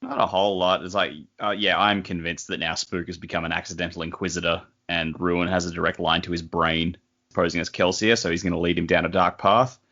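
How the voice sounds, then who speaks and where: Podcast co-host, man, very low bright voice, loose and jokey. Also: brisk, highs cut off. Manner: joking, animated theorizing. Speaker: book club podcast co-host. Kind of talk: casual discussion.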